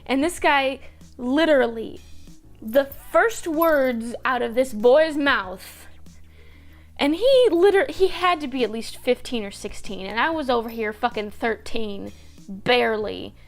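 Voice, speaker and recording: A woman's voice: fairly high pitch, a little slow, faint music behind. A young woman vlogger telling personal stories casually, swearing freely and acting out her own reactions. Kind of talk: casual storytelling.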